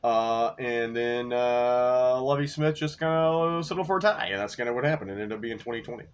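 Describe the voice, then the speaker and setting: A man hosting a sports podcast, rambling through game results and his bets in a casual, profane, excitable way. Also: medium pitch, moderate pace, smooth. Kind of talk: casual sports recap and betting talk. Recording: dull lo-fi recording with faint noise.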